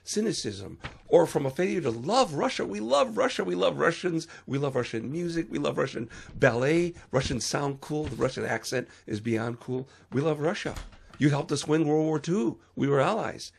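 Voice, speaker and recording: A man speaks his mind on his own podcast, earnest and preachy, his voice jumping up now and then to stress a point. The tone has a gravelly fry to it and a husky edge. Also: fairly high pitch, expressive, normal speed. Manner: earnest and preachy, with sudden emphatic rises and trailing fillers. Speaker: podcast host. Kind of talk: solo opinion podcast monologue.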